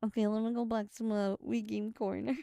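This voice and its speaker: A woman streaming a game live, excitable and giggly, breaking into shouts and laughter as she plays. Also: a little high, moderate pace, creaky, smooth, no echo, clean studio sound. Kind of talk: live gameplay commentary.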